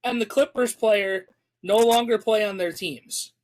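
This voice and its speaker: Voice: mid-range voice, a little slow, poor audio. A podcast co-host running a sports guessing game from home, teasing and drawn out in reactions. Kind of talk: casual chat.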